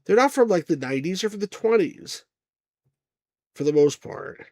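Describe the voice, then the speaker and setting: A man's voice: high-pitched, very animated, normal speed, gravelly, a little mellow, dry recording, clean studio sound. Sarcastic man reviewing a retro game. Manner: sarcastic, exasperated remarks. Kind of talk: casual game review commentary.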